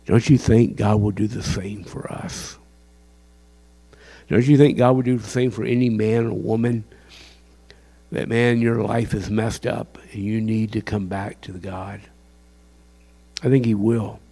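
A man's voice: lowish voice, steady tone, unhurried, gravelly, long pauses, warm tone, husky. A man preaching a sermon, impassioned and quizzing his listeners with questions. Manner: impassioned, asks the crowd questions.

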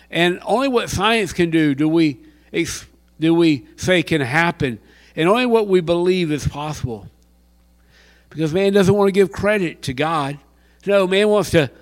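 A man preaching a sermon into a handheld mic in a church hall, dropping to near whispers and then rising to loud exclamations. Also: high voice. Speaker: pastor.

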